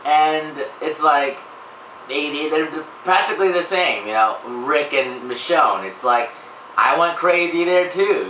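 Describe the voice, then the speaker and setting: A young man hosting a gaming channel, giving a casual, rambling TV episode recap full of swearing and filler words. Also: mid-range voice. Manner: profane, filler-heavy, excitable. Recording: echoey room, distant mic, faint hiss.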